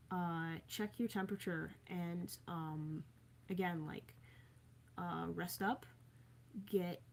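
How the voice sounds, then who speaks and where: A woman's voice: lowish voice, slight background noise. A young woman chatting casually on a livestream from her bedroom, reading out viewer comments and rambling with frequent filler words.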